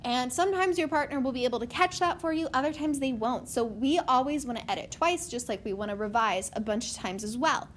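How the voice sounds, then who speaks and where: High-voiced woman teaching a writing lesson. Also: fairly quick, hardly any pauses, slight background noise. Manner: explains step by step, often adds okay.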